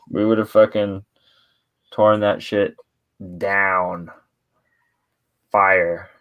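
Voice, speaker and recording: A man's voice: deep voice, flat delivery, extremely slow, pauses often, a bit bright, clear, resonant tone. A man from Canada hosting a podcast, chatting casually with lots of swearing and laughter. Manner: laid-back, profane, laughs often. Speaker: podcast host. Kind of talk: casual chat.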